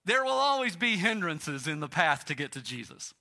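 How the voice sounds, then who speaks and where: A man preaches a sermon with a vivid, very bright voice pitched a little high. He tells stories and hammers his points home by repeating them. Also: big pitch swings, moderate pace, vocal fry. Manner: storytelling, emphatic repetition. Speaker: pastor.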